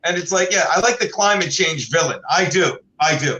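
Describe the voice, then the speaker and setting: High, bright-voiced profane comic storyteller man. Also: fairly quick, roomy sound, low-quality recording. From New York. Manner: profane, laughs at own jokes. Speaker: guest comedian.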